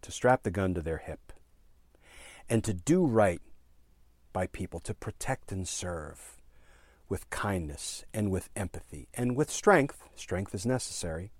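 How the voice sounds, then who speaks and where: A very low-voiced man speaks earnestly about policing, repeating his key phrases for emphasis and pausing on fillers. The sound is dry and close, with no room around it. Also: darkish tone, no echo. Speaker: former prosecutor. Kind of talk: speech on policing.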